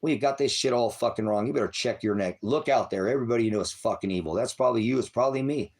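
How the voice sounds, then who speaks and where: Husky-voiced man ranting profanely. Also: medium pitch, racing. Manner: profane, aggressive rant, addresses chat viewers. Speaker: livestream preacher. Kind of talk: angry rambling livestream talk.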